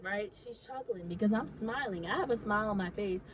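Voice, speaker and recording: A woman's voice: mid-range voice, brisk, a little hiss or hum, rough recording. A young adult woman casually telling a story to her viewers, chatty and swearing freely.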